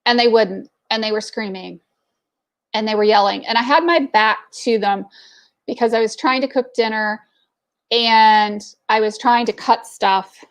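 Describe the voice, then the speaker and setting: A woman's voice: a little high, measured pace. A woman in her forties telling a candid personal story in casual talk, with plenty of fillers. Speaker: entrepreneur network speaker.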